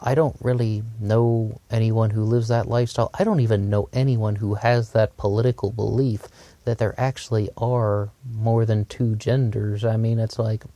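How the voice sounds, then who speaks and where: A man's voice: on the low side, steady tone, moderate pace, dark tone, no echo. A man giving a rambling opinion monologue, hesitant and repetitive, with frequent restarts. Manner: rambling, hesitant, repeats himself. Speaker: commentator.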